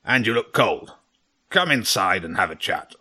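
A man's voice: on the low side, sing-song, moderate pace, bright, forceful tone, exaggerated voice. A man voicing a huge, grumpy old male badger king in a storybook reading, barking out bossy orders.

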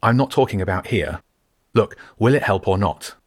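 A man's voice: fairly low pitch, animated, moderate pace, husky, no room sound, clean studio sound. A man doing an urgent, resourceful teenage boy. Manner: urgent and insistent. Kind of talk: audiobook character voice.

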